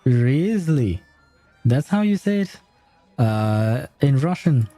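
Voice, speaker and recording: With a dark, sing-song, medium-pitched voice, a streamer takes his time over a let's-play, and the recording has no echo. French is his first language, and he's chatty and amused, full of nitpicky side comments, with faint game music underneath.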